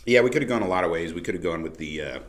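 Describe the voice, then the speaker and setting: Deep-voiced laid-back male podcast host. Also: expressive, racing, heavy background noise. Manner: laid-back, profane, joking. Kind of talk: casual chat.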